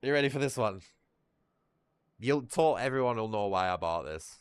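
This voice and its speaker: Deep-voiced Lancashire man rambling on stream. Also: animated, normal speed, clear, resonant tone, no room sound. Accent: northern English, Lancashire. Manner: rambling, swears freely, laughs at himself. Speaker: livestreamer. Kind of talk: casual livestream chat.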